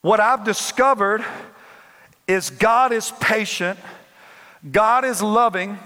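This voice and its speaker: A man's voice: high voice, takes it slowly, sharp tone. A man preaching a sermon from the pulpit of a church, emphatic and repetitive, with call-and-response lines. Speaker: pastor. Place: church sanctuary. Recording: long hall reverb.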